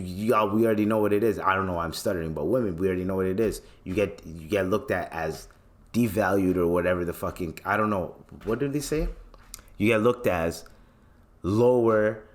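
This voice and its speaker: A man with a Toronto accent hosting a podcast, ranting bluntly and profanely while reacting to social media posts. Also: low-pitched. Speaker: podcast host. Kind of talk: casual ranting commentary.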